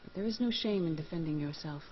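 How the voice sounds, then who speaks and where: An actress playing a calm, wise Jedi master woman in a video game, measured and composed. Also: deep voice, muffled recording, natural voice.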